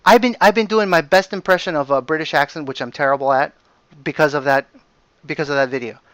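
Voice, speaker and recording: A man with a high, bright voice hosts a casual podcast conversation, animated and quick to laugh. He sits close to a dry-sounding mic with no room around him. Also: no room sound. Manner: laughs often, animated and enthusiastic. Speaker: podcast host. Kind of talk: casual chat.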